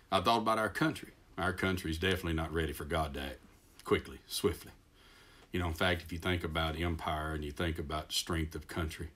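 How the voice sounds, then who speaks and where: A man's voice: sits low, fairly bright tone, a little hiss or hum. A middle-aged man with a Texas accent, preaching in a folksy, self-deprecating way that rambles with fillers and restarts. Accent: Texan. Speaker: pastor. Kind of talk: folksy sermon.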